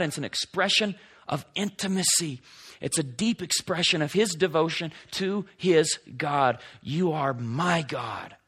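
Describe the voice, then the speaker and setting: A male pastor preaching a sermon, swinging between emphatic lines and hushed, slow passages as he reads scripture. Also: a little high.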